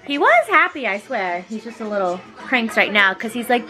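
A woman's voice: a little high, very animated, moderate pace, hardly any pauses, bright, forceful tone, faint music behind. A woman in her thirties chatting casually to her phone camera at home as a mom vlogger, talking with feeling and laughing often. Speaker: vlogger, mother. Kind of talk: casual vlog chat. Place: home, indoors.

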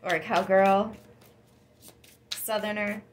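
A woman giving a casual tarot reading, chatty and excitable, with frequent gasps and laughs. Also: mid-range voice, takes it slowly, a little hiss or hum. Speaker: tarot reader.

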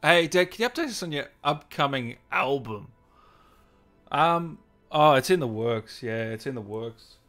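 Chatty livestream host. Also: male voice, medium pitch, expressive, unhurried, sharp tone, soft background music. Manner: chatty, reads out viewer comments, laughs often. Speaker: gaming livestream host and interviewer. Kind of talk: casual livestream chat.

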